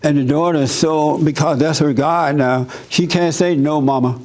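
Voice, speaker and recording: A man preaching an informal sermon, talking with his congregation and acting out others' voices. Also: moderate pace. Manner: animated, acts out mother in a high voice.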